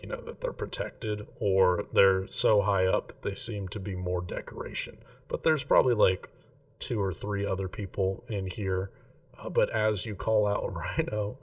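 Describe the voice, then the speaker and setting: A man narrating as game master in a relaxed, rambling way with many fillers. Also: on the low side, recorded from a distance.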